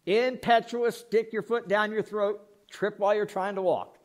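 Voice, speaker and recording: A man preaching a lively sermon, his voice sitting notably high. He swings between soft, hushed asides and loud, excited bursts, acting out the characters with humor. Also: moderate pace. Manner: humorous, acts out Bible characters. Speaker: pastor.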